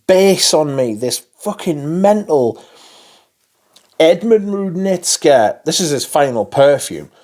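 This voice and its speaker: A man's voice: a little high, very animated, slow, a little mellow. A man chatting casually and enthusiastically about perfumes, swearing freely and rambling between thoughts. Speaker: fragrance reviewer. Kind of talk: casual chat.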